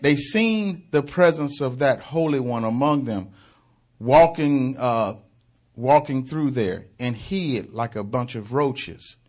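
A man preaching a sermon, dramatizing the story with loud surges and quiet asides, with frequent halting fillers. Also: mid-range voice. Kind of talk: fervent sermon.

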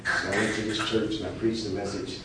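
A male preacher, telling an animated testimony and acting out the people in his story. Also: on the low side, fast. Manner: animated storyteller, acts out quotes with laughter. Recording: echoey hall, distant mic, noisy.

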